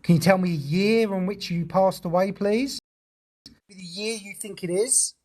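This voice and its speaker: Husky, high-voiced man. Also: normal speed, darkish tone. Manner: chatty, jumpy, swears when startled. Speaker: ghost-hunting livestreamer. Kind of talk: casual livestream chat.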